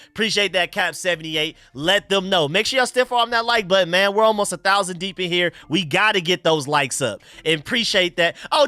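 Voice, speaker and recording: A young man hosting a casual live stream, chatting excitedly and thanking donors. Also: a little high, dry recording.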